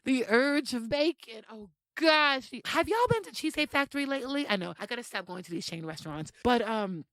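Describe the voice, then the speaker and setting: A woman's voice: a little high, animated, brisk, hardly any pauses, a bit bright, dry recording. A woman hosting a solo podcast, talking brashly and playfully, swearing freely and laughing often. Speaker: podcast host.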